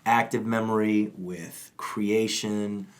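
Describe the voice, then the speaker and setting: A man co-hosting a chat about acting, explaining in an energetic, conversational way and often checking in with "right?". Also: fairly low pitch, slow pace. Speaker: acting coach and co-host. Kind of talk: casual instructional chat.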